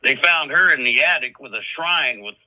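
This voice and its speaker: Bright-voiced, swearing male guest. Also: fairly high pitch, normal speed, rough recording. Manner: loose, profane anecdote-telling. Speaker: interview guest, musician. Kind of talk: casual interview banter.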